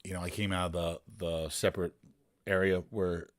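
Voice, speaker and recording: A man's voice: low voice, flat delivery, moderate pace. A man, a poker streamer telling long rambling stories in casual, profane chat.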